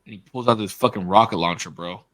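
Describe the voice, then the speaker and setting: A man's voice: fairly low pitch, brisk, fairly bright tone, dry recording, poor audio. A man co-hosting a podcast, retelling a story emphatically and swearing often in casual chat. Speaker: podcast co-host.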